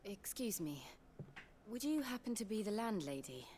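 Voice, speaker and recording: An actress playing a polite, soft-spoken young woman traveling in a game. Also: mid-range voice, big pitch swings, normal speed, close to an everyday voice. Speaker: game character.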